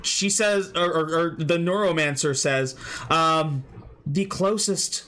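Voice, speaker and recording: Bright-voiced man running a tabletop game. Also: on the high side, measured pace, slight background noise. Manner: hesitant, many fillers and restarts. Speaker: game master.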